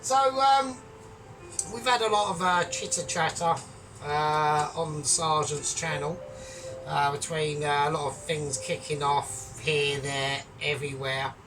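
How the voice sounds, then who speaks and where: Man, Scottish accent, cooking vlog host, jokey, boastful, sudden loud bursts, distant mic. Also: on the high side, steady tone, measured pace. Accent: Scottish put-on. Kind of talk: casual cooking vlog chat. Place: home kitchen. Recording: distant mic, music behind.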